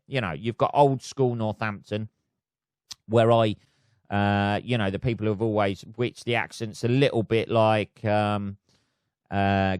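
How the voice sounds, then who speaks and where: A man's voice: on the low side, smooth, no room sound, studio quality. A man with a Northamptonshire English accent hosting his own podcast, rambling through a casual solo chat full of swearing and fillers. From England. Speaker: podcast host.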